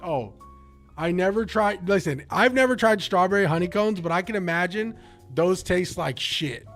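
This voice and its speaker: Excitable young male streamer, slangy and loud. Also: sits high, moderate pace, faint music behind. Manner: loud, slangy and excitable, swearing and joking with chat. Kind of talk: casual livestream chat.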